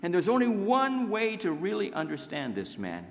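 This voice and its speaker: A man preaching a sermon in a church, emphatic, rising to raised exclamations and dropping to hushed low asides. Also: huge pitch swings, normal speed, slight background noise. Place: church sanctuary. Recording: long echoing reverb of a church hall.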